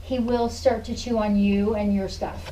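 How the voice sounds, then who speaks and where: A woman's voice: medium pitch, flat delivery, normal speed, distant mic, noisy background. A woman dog trainer explaining puppy care to a client in a patient, explanatory way, often cooing praise at the dog. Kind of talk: hands-on training lesson.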